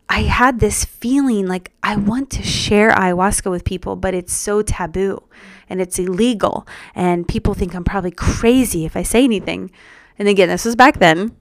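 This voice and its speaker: A young woman telling her personal story as a podcast guest, earnest and reflective, in a soft-spoken way. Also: medium pitch, no echo, clean studio sound.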